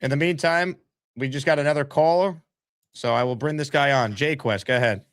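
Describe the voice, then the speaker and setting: A man's voice: medium pitch, fairly quick, no echo, clean studio sound. A man hosting a live sports talk stream, teasing his guest and reading chat messages. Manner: teasing, needling, brash. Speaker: host.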